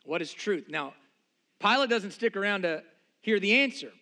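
A male pastor with a high, bright voice, preaching a sermon. He talks in an earnest, emphatic way and keeps asking the room rhetorical questions. His tone is crisp and forceful. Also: animated, moderate pace.

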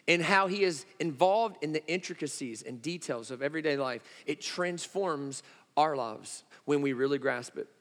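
A man preaches a sermon in a somewhat high, bright, forceful voice. He swings from loud, animated exclamations to slow, hushed emphasis, and a long reverb from the large church hall hangs behind every line. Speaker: pastor.

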